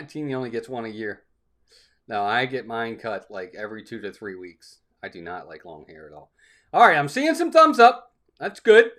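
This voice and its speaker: A man's voice: medium pitch, big pitch swings, moderate pace, fairly bright tone. A man hosting a live stream in a casual, upbeat way, greeting chat viewers one by one by name.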